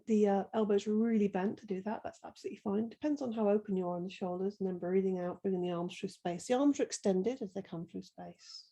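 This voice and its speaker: A middle-aged woman guiding a slow floor-based yoga class, giving gentle, soothing breathing and movement cues with many pauses. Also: medium pitch, rough recording. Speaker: yoga teacher. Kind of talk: guided yoga class instruction.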